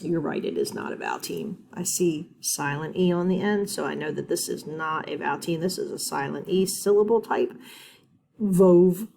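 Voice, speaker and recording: A woman teacher giving a phonics lesson to young children, sounding out words slowly and encouraging them. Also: deep voice, gravelly, a little mellow.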